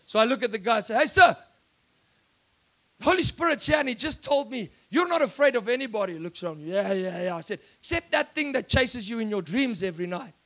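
A man with a South African accent preaching an excitable sermon, often breaking into shouts. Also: sits high, fast talker, few pauses.

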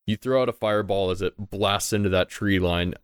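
A man narrating as game master of a tabletop role-playing game, in a loose, relaxed way with fillers. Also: sits low, brisk, clean tone, no echo, clean studio sound.

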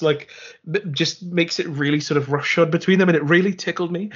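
A man's voice: a little high, fast talker, fairly bright tone, breathy edge. A man co-hosting a podcast, retelling a film's scenes in casual chat with laughing asides. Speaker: podcast co-host. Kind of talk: casual film review chat. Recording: slightly muffled podcast audio.

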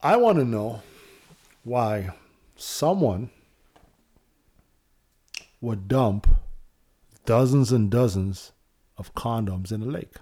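A man's voice: medium pitch, lively intonation, slow, pauses often, mellow. A young man from Toronto hosting a casual podcast, loose and slangy, laughing as he talks. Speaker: podcast host.

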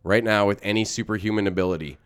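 A man's voice: fairly low pitch, fast, smooth. A man hosting a casual podcast chat. He rambles, swears casually and laughs often. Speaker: podcast host.

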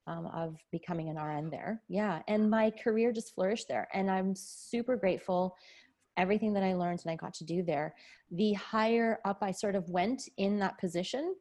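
A woman's voice: fairly low pitch, mellow. A woman in her forties, a nurse and podcast guest, telling her story candidly and with feeling in a casual interview. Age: 40s. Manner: candid, emotional, laughs often.

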